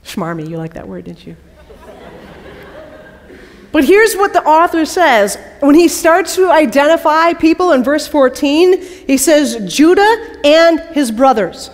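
A woman's voice: high voice, measured pace. A woman preacher giving a sermon, telling the story with playful asides and quizzing her listeners. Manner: lively storytelling, playful asides and questions to the audience. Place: large worship hall. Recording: long hall reverb.

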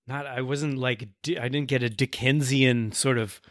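A young man in casual podcast chat, animated and swearing freely. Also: medium pitch, normal speed, no room sound, studio quality.

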